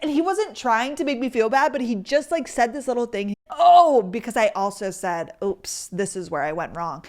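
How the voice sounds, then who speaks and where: A young woman in her twenties hosting a podcast, telling a story in a chatty, animated, self-deprecating way. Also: a little high, moderate pace, hardly any pauses. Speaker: podcast host. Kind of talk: casual storytelling chat.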